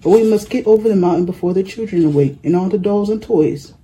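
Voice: medium pitch, fast talker, close to an everyday voice. A kind little blue engine, as a reader puts her on. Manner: kind, gentle.

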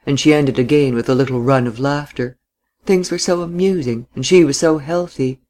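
A narrator reads a classic novel aloud at an even, measured pace. The voice sits at a middle pitch.

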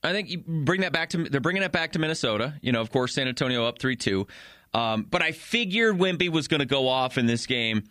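A man co-hosting a casual sports talk show, animated and acting out players' reactions. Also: medium pitch, fairly quick, dry recording, studio quality.

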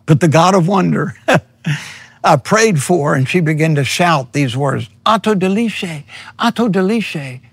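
A middle-aged missionary preacher tells his story earnestly in an interview, acting out his own words as he gives a personal testimony. His voice is a little high, husky and touched with vocal fry, a little slow, with no room sound.

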